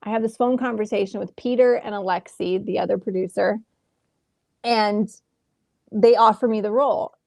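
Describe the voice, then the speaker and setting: A woman in her thirties, an actress telling a lively story in a casual interview from home over a video call, acting out the exchanges she quotes. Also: mid-range voice, normal speed, creaky, no room sound. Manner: animated, acts out quoted exchanges. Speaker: actress guest.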